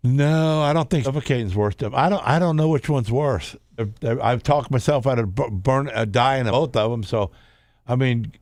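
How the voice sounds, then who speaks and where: A man's voice: mid-range voice, moderate pace, a little mellow, no echo. A man, telling a long story on a radio talk show, rambling and restarting often.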